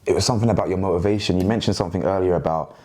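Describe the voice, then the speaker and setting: Deep fast-talking host. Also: male voice. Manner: relaxed and slangy, constant murmured agreement. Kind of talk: casual interview chat.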